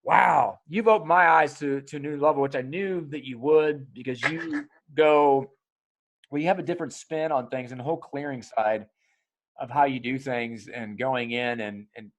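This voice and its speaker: A man hosting a podcast in casual conversation, energetic, swearing freely and acting out quotes of other people. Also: mid-range voice, moderate pace. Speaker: podcast host.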